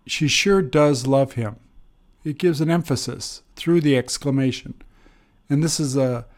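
Male English teacher, slow and deliberate delivery, mid-range pitch, explanatory lesson tone. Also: a little mellow. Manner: slow, deliberate, with pauses and fillers.

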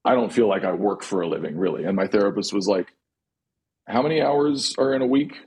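A very deep-voiced man with a rough, husky tone. He talks frankly in a loose roundtable chat and swears freely as he tells stories. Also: brisk, a little mellow. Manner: candid, profane storytelling. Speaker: drummer guest.

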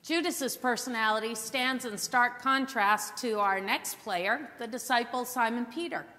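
High, bright woman preaching slowly. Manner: expressive storytelling with dramatic pauses. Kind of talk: Bible teaching sermon. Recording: long hall reverb.

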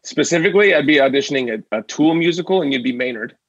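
A man's voice: on the high side, expressive, quick pace, a bit bright, husky, no room sound, dull audio. A man, a working actor, talking as a guest in a casual interview, enthusiastic and a bit rambling.

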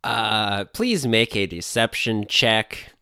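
A man's voice: on the low side, animated, slow, gravelly, bright, forceful tone, smooth, no echo, studio quality. A man running a tabletop role-playing game, narrating scenes in a playful, self-mocking way. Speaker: game master.

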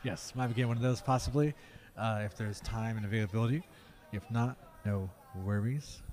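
A man's voice: on the low side, fairly even intonation, brisk, darkish tone. A man co-hosting a podcast, chatting playfully and laughing often while at a fan convention. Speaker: podcast co-host. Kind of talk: casual chat at a fan convention.

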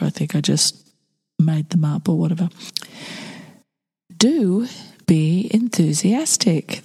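A woman's voice: lowish voice, gravelly, dark tone, slightly rough. Wry woman podcast host. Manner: wry, sarcastic asides. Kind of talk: casual chat.

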